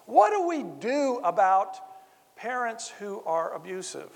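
A man's voice: high-pitched, big pitch swings, moderate pace, gravelly. A man preaching a sermon, earnest and emphatic, driving points home by repeating key phrases. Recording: long reverb of a large hall.

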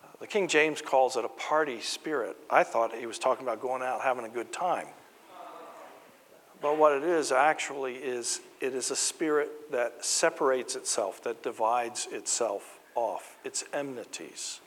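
A man's voice: medium pitch, moderate pace, a bit bright, in a large hall, a little hiss or hum. An American man preaching a sermon, earnest and building emphasis on key phrases, mixing in light stories. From United States. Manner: storytelling asides with light humor.

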